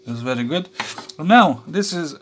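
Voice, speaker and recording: A man's voice: on the high side, expressive, slight background noise. A man talking through a soldering job at his workbench, with lots of fillers and restarts. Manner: halting, many fillers and restarts, chuckles to himself. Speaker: electronics hobby vlogger. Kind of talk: casual workbench commentary.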